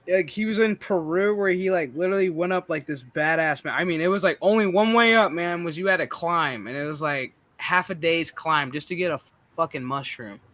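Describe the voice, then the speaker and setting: A man hosting a casual stream chat, telling animated, profane stories. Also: on the high side, fairly quick, hardly any pauses. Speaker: streamer host.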